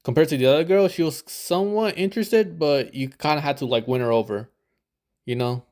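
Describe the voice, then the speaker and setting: A man's voice: on the high side, brisk, a little mellow. A man giving casual reaction commentary as a dating coach, rambling and swearing, acting out the lines he would use. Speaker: dating coach reviewing footage.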